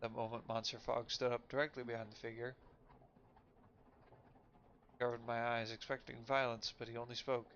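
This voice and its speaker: Guy streaming and reading a story game out loud, trips over words a lot, dull lo-fi mic. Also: mid-range voice, flat delivery. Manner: quick reading with frequent stumbles and self-corrections. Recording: lo-fi with faint noise.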